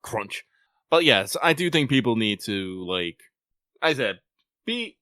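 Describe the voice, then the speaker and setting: A man co-hosting a podcast, chatting casually in an animated, joking way. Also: mid-range voice, dry recording, studio quality. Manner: animated, joking, quick to laugh. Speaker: podcast co-host. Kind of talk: casual chat.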